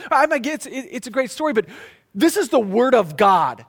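A man's voice: very high voice, big pitch swings, fairly quick, creaky. A man preaching a sermon in a conversational, emphatic way, often restarting and repeating words. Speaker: pastor.

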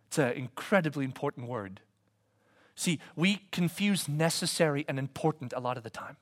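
Male pastor, sermon, fairly high voice, animated, drops to whispers, chatty questions to the congregation. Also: moderate pace. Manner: animated, swings from loud emphasis to soft whispers; conversational, asks the congregation questions.

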